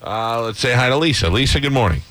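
A man's voice: medium pitch, lively intonation, fast, a bit bright. A man hosting a morning radio show, joking around and laughing with his co-hosts and callers. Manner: teasing, laughing a lot. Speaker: radio host.

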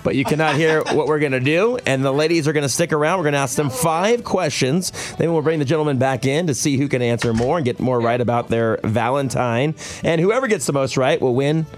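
A man's voice: a little high, brisk. A man co-hosting a radio show and running an on-air quiz game, upbeat and jokey, often laughing.

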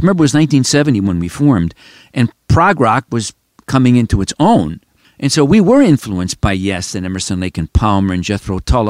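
Older Chicago-raised man, podcast host, lively pitch, bone-dry close recording. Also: no room sound. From Chicago, United States. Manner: emphatic, rambling, talks straight to listeners. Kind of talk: casual reflective monologue.

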